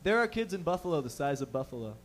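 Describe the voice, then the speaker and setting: A man's voice: a little high, very animated, quick pace. A young man doing a stand-up set, with profane, rambling, conversational talk. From Canada. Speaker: stand-up comedian.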